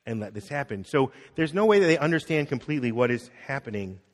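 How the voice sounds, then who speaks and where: A middle-aged man, a pastor, preaching a conversational sermon, acting out quotes and dropping soft on key words. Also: mid-range voice, animated, quick pace. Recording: long reverb of a hall.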